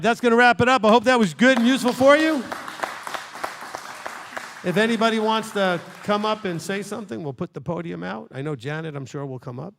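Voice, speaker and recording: A man's voice: high-pitched, gravelly, a bit bright, no echo. A man leading a congregation as its rabbi, teaching in a conversational and emphatic way, speaking straight to the listeners.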